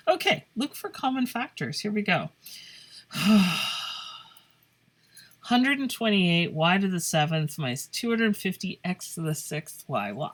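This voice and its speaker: A woman teaching a math lesson in a playful, joking way, thinking aloud as she works through problems. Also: low voice. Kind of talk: casual classroom lesson. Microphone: phone camera over paper.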